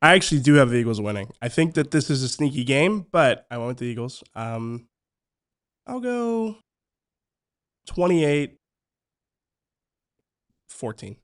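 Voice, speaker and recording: A man's voice: medium pitch, big pitch swings, a little slow, long pauses. A man co-hosting a sports podcast, teasing the others and laughing often in casual chat. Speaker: podcast co-host.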